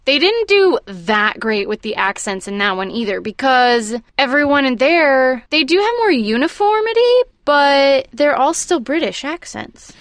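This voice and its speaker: A young woman chats on a podcast in a bubbly, animated way, laughing between thoughts. Her voice sits a little high. The recording is dry and close, with no room sound. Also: a little slow, few pauses, dry recording. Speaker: podcast co-host. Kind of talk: casual podcast chat.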